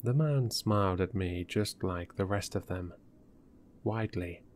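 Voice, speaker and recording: Give me a man reading a creepy story slowly, with a low voice. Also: darkish tone, a little hiss or hum. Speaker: horror story narrator. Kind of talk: scripted horror narration.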